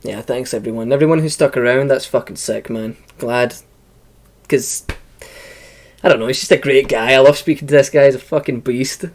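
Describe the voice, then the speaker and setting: A man's voice: mid-range voice, normal speed. A man hosting a podcast, chatting casually and swearing freely as he jokes with his guest. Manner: swears a lot, joking. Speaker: podcast host. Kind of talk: casual chat.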